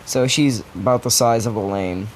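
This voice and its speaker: A man's voice: mid-range voice, moderate pace. Rambling young man, noisy recording. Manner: rambling, profane, lots of restarts. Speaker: storyteller. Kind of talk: improvised fan-fiction storytelling. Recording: steady background noise.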